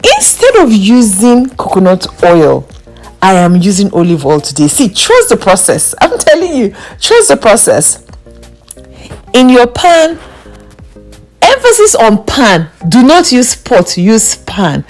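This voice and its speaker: A woman's voice: medium pitch, huge pitch swings, measured pace, a little mellow, faint music behind. A young woman vlogger walking through a recipe in her home kitchen, emphatic and playful, repeating the key steps for emphasis. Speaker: cooking vlogger. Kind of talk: recipe walkthrough.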